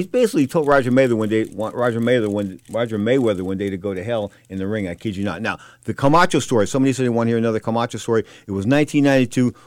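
A man hosting a boxing radio talk show, telling stories with animated asides and repeated catchphrases. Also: fairly low pitch, no room sound. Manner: animated storyteller, repeats "I kid you not".

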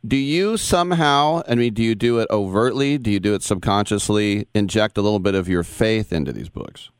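Male sports-radio host, low smooth voice, dry studio sound, jokey. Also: a little fast, dry recording. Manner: joking, laughs easily. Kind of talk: casual interview.

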